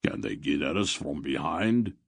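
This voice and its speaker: A man voicing a quick, practical scout who answers in short, matter-of-fact sentences. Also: very deep voice, expressive, breathy edge, no room sound, voice pushed down, heavily acted.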